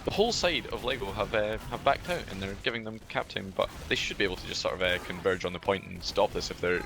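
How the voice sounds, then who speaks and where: A man with a Scottish accent casting a live esports match, relaxed and full of fillers. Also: fairly low pitch, fast, creaky, music in the background. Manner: relaxed, filler-heavy play-by-play with banter. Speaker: esports caster. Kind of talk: live game commentary.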